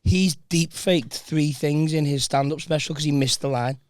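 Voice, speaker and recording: Higher-voiced man, rambling. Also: normal speed, no echo, studio quality. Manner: rambling, loses his thread. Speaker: podcast co-host. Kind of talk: casual chat.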